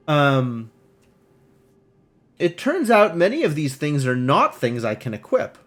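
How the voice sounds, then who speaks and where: A man's voice: fairly high pitch, very animated, slow, long pauses, a bit bright. A man streaming a game, reading its text aloud and adding wry, musing asides.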